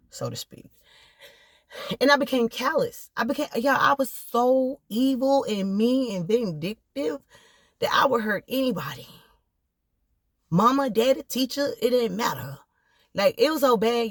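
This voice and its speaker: A woman's voice: lowish voice, no room sound, clean studio sound. Earnest woman talking from her car. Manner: heartfelt, direct, preacherly encouragement. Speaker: vlogger sharing personal testimony. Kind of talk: earnest personal testimony. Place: inside a parked car.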